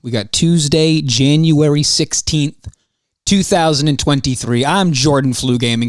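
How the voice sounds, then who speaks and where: A young man hosting a podcast, hoarse and losing his voice, ranting heatedly with plenty of swearing. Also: a little high, unhurried, dry recording, studio quality. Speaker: podcast host. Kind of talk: casual podcast monologue.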